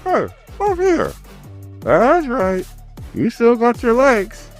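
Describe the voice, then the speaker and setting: A man voicing a huge, calm, menacing male brute fighter in a strained, high, slow, patronizing voice. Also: soft background music, full character voice. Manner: soft, patronizing, slow and drawn out.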